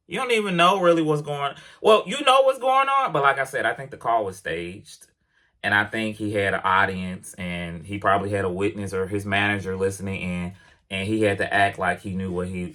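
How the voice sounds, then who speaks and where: Animated man telling a work story. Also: mid-range voice. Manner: animated, emphatic, quotes conversations in voices. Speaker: truck driver vlogger. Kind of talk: casual storytelling rant. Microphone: action camera mic. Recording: action camera.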